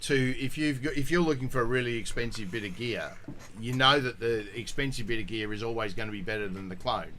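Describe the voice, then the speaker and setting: A man's voice: medium pitch, fast, bright, forceful tone, slight background noise. A man in casual conversation, joking and swearing freely. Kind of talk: casual chat.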